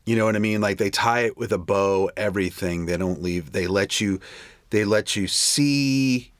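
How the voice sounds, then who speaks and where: A man's voice: lowish voice, normal speed, no echo, clean studio sound. A man co-hosting a podcast, chatting casually about a movie in a rambling, self-interrupting, wry way. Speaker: podcast co-host.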